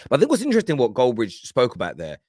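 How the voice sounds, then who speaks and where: A man's voice: medium pitch, wildly swooping pitch, racing, a little mellow, no echo, studio quality. A man hosting a football reaction show, teasing and laughing as he talks over clips and often restarts his phrases. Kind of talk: animated reaction commentary.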